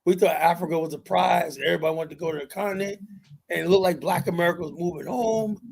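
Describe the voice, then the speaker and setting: A male podcast host with a slightly raised pitch drives a heated panel debate. He talks emphatically, argues hard and swears freely as he makes his case. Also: steady tone, quick pace, creaky, a little mellow. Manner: emphatic, argumentative, loose with profanity.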